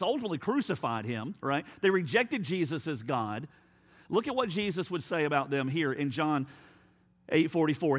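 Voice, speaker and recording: A man preaching a sermon as a pastor, building from a low steady delivery to loud, impassioned emphasis. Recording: long hall reverb.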